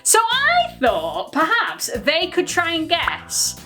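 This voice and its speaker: Bright, lively English woman presenter. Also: extremely high pitch, slow pace, faint music behind. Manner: lively, sing-song storytelling. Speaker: children's ministry presenter. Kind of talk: reading a rhyming bible story to kids.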